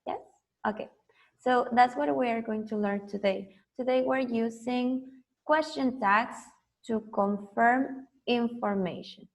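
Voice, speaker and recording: Slow, gravelly-voiced woman teacher. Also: on the high side. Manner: slow, patient, drills pronunciation with students. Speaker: English teacher. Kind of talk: online language lesson.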